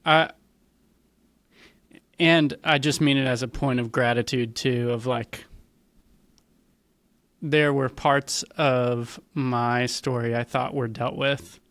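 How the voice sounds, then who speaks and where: A man's voice: mid-range voice, fairly even intonation, slow pace, pauses often, fairly bright tone, no room sound. A young man hosting a podcast, talking in thoughtful, earnest reflections as a father of young kids. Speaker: podcast host. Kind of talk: reflective conversational interview.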